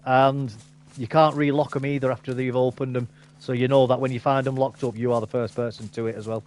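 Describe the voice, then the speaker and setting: A man's voice: medium pitch, level tone, fairly quick, darkish tone, a little hiss or hum. A man in casual voice chat while gaming, joking around and laughing often. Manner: jokey, laughs often, says mate a lot. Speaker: gamer in voice chat.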